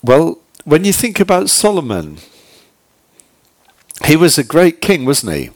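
A man's voice: fairly high pitch, a little slow, no echo. A man preaching a sermon in a conversational, storytelling way, using many "you know"s and asking his listeners direct questions. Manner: retells a joke in a relaxed way.

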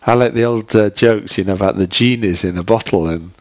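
A man's voice: lowish voice, fairly quick, no room sound. A man preaching a sermon in a conversational, storytelling way, using many "you know"s and asking his listeners direct questions. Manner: retells a joke in a relaxed way.

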